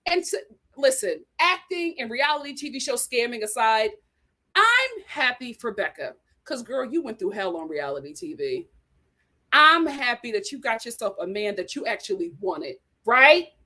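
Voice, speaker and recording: A sassy woman hosting a live reality TV review, her voice high and bouncing all over as she dramatizes each scene. She laughs often and speaks directly to the people on the show. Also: big pitch swings, moderate pace, pushed and bright. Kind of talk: animated live review chat.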